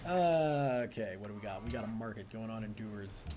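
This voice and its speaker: A man's voice: on the low side, animated, fairly quick, noisy background. A young man casually commenting on his strategy game session, chatty and self-mocking, laughing often. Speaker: let's play host.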